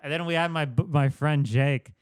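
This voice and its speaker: Young male podcast co-host, relaxed chatty talker, smooth voice, dry studio sound. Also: a little high, moderate pace, dry recording. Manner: relaxed, chatty, laughs along. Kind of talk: casual chat. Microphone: studio microphone.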